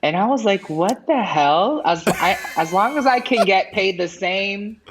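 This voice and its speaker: A man's voice: normal speed, noisy background. A man who is a guest on a casual podcast, telling stories with lots of acted-out quotes, swearing casually. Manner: animated storyteller, acts out quotes in high voices.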